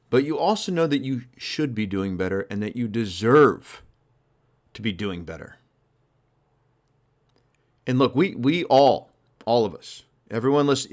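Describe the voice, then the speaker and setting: Man, motivational podcast host, emphatic, conversational, mid-pitched voice. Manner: energetic, emphatic, conversational, uses "literally" and "like". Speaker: sales coach and podcast host.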